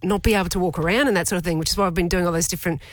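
A woman's voice: on the low side, fairly even intonation, very fast, dry recording. An Australian woman in her forties, co-hosting a casual chat and telling personal stories candidly, with laughs in between. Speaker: co-host.

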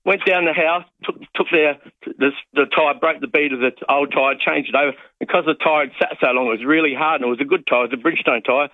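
A man's voice: a little high, fast, few pauses, no echo. A man in his late fifties, a radio caller, telling a rambling, self-mocking story over the phone. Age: 50s. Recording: tinny phone line.

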